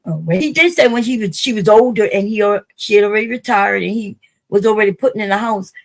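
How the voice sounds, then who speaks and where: A woman's voice: mid-range voice, quick pace, rough recording. A woman panelist arguing in casual debate, pressing the others with questions.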